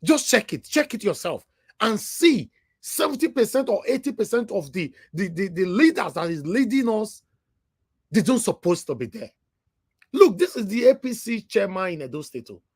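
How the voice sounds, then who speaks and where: A man's voice: high voice, big pitch swings, normal speed, husky, dry recording, studio quality. A man with a Nigerian accent giving scornful live reaction commentary on a stream, dropping Pidgin asides.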